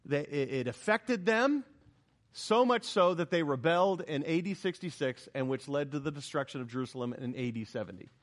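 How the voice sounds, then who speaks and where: Animated man preaching a sermon. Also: on the high side, brisk. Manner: animated, emphatic preaching with rhetorical questions. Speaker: pastor.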